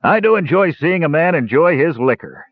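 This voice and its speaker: A man voicing a gruff, jovial old male dwarf with a sly streak, in a storybook reading. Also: on the high side, very animated, normal speed, no echo, phone-quality sound, pitched above the performer's own voice. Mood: hearty. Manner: hearty, toasting.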